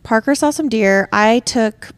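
A woman's voice: a little high, smooth, dry recording. A woman in her late twenties with a Utah accent, co-hosting a podcast in a casual, playful, teasing way on a headset mic. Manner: chatty, playful, quick to tease. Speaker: podcast co-host. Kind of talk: casual chat.

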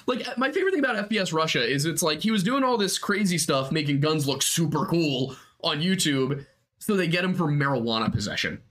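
A man co-hosting a podcast in casual chat, animated and laughing, full of "like" asides. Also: fairly high pitch, a little fast. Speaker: podcast co-host.

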